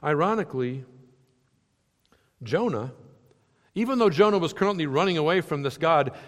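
A man preaching a sermon, swinging between loud emphatic lines and soft, quiet ones. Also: on the high side, expressive, normal speed, long reverb tail. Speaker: pastor.

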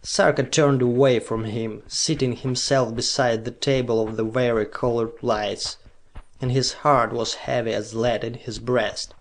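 A man reading an old pulp novel aloud in a measured, steady voice. His pitch sits right in the middle, neither deep nor high. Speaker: audiobook narrator. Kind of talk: scripted narration of pulp fiction.

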